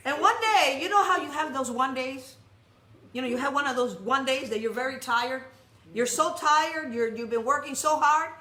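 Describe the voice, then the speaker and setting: Female preacher with a high voice, animated and humorous storyteller, echoey worship hall. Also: moderate pace, a little hiss or hum. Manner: animated, jokey storyteller with many restarts. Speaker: speaker at a congregation. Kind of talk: storytelling sermon.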